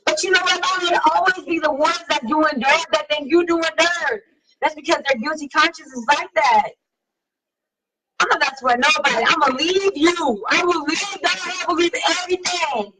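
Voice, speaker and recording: Sassy high-voiced woman hosting a live show. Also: moderate pace, sharp tone, distant mic, poor audio. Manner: sassy, emphatic, slangy. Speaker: talk show host. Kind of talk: casual live-stream chat reading comments. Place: home live stream over wireless connection.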